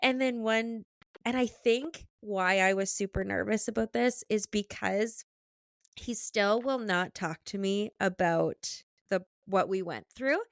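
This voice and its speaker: A young woman hosts a relaxed podcast conversation, speaking candidly and chattily with plenty of "like" fillers and quick laughs. Her voice is smooth and resonant at a mid pitch. It is recorded close and dry, with no room sound. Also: no echo. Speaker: podcast host. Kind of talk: casual conversational interview.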